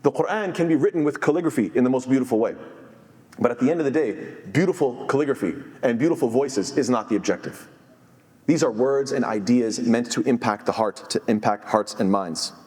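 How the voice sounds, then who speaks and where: A man's voice: medium pitch, fairly quick, a little mellow, in a large hall. A man giving an earnest sermon as imam, quoting scholars in Arabic and then translating. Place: masjid.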